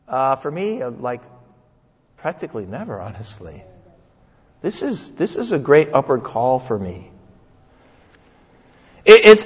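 An older male pastor gives a folksy, joking sermon with a lively voice that swoops up and down. His voice sits high for a man. The recording is dull and carries a long echo from the church hall. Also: breathy edge. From New England. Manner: folksy, joking, animated preaching. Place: church sanctuary.

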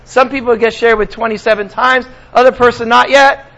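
A man's voice: very high-pitched, steady tone, brisk, gravelly, sharp tone, lo-fi sound. A man preaching a sermon as pastor, talking conversationally to his congregation and slipping in sarcastic asides.

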